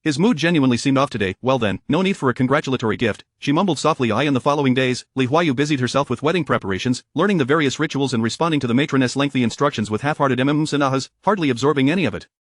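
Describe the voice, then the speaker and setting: A man reading a romance story aloud as narrator, in a steady, even voice. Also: medium pitch, rapid-fire, few pauses, no room sound, clean studio sound.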